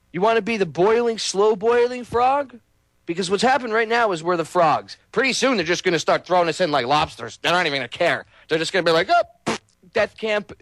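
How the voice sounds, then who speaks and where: Male host, high voice, dry close sound, angry preachy ranter. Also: fairly bright tone, dry recording. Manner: heated, preachy, repetitive rhetorical questions. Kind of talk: angry political rant.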